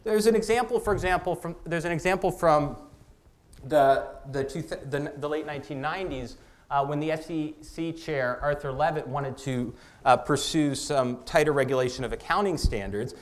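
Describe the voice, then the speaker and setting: A man giving a public lecture on policy, his voice sitting a little high for a man. He talks haltingly, restarting phrases and filling the gaps with "uh" and "um". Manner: halting, with many restarts and fillers.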